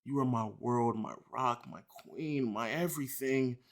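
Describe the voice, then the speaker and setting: A man voicing a lovesick, obsessive young man who pleads softly and sulkily with the woman he adores. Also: fairly high pitch, moderate pace, lightly acted. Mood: sappy pleading. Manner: soft, sulky, pleading, sappy.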